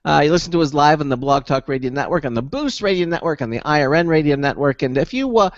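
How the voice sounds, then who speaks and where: A man's voice: a little high, fast talker, no echo. A man hosting a talk radio show, chatting loosely and restarting his sentences. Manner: rambling, with repeated restarts. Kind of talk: casual radio chat. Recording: muffled radio broadcast audio.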